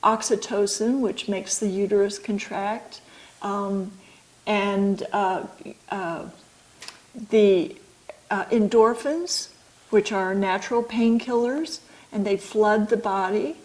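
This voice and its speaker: A middle-aged woman, an author and midwife, explaining her ideas slowly and thoughtfully in an interview. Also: mid-range voice, fairly even intonation, darkish tone, low-quality recording.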